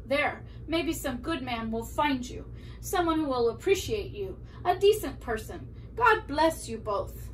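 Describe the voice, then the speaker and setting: A woman's voice: high-pitched, expressive, unhurried. A woman voicing an elderly man who scolds his old hat and fusses to himself, recorded from a distance with faint room noise. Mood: fussing.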